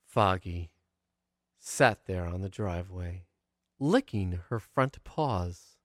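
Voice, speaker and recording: A man telling a homespun childhood story in an animated way, with sound effects and character voices. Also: low-pitched, slow pace, dry recording, clean studio sound. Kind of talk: oral storytelling for an audience.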